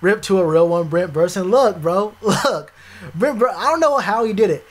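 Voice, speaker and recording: A young man streaming live, chatting casually with viewers, animated and repetitive, full of slang. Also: high voice, moderate pace. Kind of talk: live stream reaction chat.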